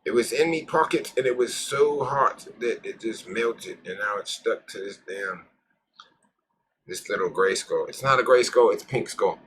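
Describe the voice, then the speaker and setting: A man's voice: fairly low pitch, moderate pace, fairly bright tone, a little hiss or hum. A man hosting a casual live stream, rambling, joking with his viewers and cursing freely. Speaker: cannabis live-stream host.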